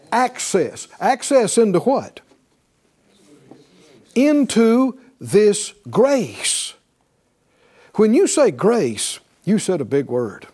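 A male pastor preaching a sermon, animated and calling on the congregation to answer back, often laughing. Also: sits high, slightly rough.

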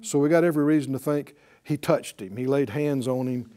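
A man's voice: medium pitch, fairly quick. A man preaching a sermon, calling out to his congregation for responses. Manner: animated, calls for responses from the congregation.

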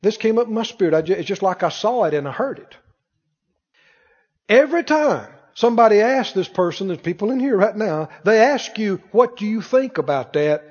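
A high-pitched male preacher delivers a forceful sermon, throwing rhetorical questions at the congregation and leading them in call-and-response. His voice rings out with a long reverb tail in a large hall. The recording itself sounds dull and muffled, with the highs rolled off. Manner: emphatic, asks rhetorical questions and calls the congregation to repeat after him. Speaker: pastor.

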